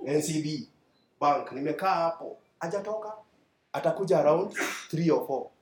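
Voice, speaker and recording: A Kenyan man preaches in a church hall, his somewhat high voice ringing in a roomy echo. He switches between English and Swahili and calls for amens from the congregation. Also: expressive, moderate pace. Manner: mixes English and Swahili, call-and-response, acts out his mentor's lines. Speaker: pastor. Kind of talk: sermon. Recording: echoey hall.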